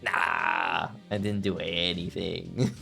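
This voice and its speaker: A man chatting live as a VTuber host in a playful, giggly way, swinging his pitch up and down in lively swoops. Faint music plays softly behind him as he talks to his chat. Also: vocal fry. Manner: playful, giggly, theatrical outbursts. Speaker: VTuber streamer. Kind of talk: casual livestream chat.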